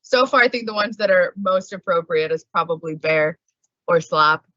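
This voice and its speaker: A chatty woman negotiator in a virtual meeting, with a bright and lively voice. She laughs often and says "like" a lot. The audio is dry and muffled, as on a video call. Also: on the low side, normal speed, dry recording. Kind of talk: casual meeting talk.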